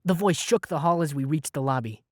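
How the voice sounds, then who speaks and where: A young man narrating a fantasy audiobook in the first person with lively, dramatic delivery. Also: on the high side, fairly quick, no echo, clean studio sound. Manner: lively, dramatic storytelling with shouted spells.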